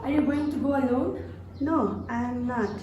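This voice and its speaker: High-voiced woman student, halting English. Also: dark tone, reverberant, far from the mic, slight background noise. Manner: careful, halting learner's English. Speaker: language student. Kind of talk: classroom speaking practice.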